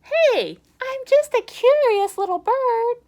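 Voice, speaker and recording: A woman's voice: very high voice, expressive, takes it slowly, darkish tone, voice pushed up, full character voice. A woman voicing a small, curious duckling from a picture book, chirpy and inquisitive. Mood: innocent.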